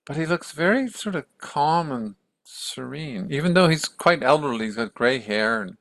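Gravelly man casually retelling a story. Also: on the high side, expressive, normal speed, a bit bright, no echo. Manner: conversational, many restarts, acts out quotes.

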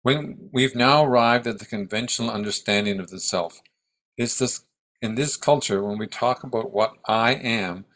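Older male teacher, 70s, bright clear tone, reflective, pausing speech. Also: mid-range voice. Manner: thoughtful, halting, restarts often. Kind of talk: reflective dharma talk.

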